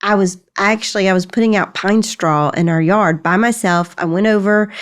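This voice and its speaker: A middle-aged woman, hosting a podcast and telling a story in a candid, conversational way. She is animated, laughs often and acts out bits of dialogue. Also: medium pitch, normal speed. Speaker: podcast host.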